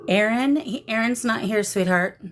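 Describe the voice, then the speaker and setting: A woman's voice: on the high side, normal speed, slight background noise. A woman hosting a paranormal livestream in casual chat, greeting viewers with affectionate pet names over a phone camera. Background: shamanic drumming.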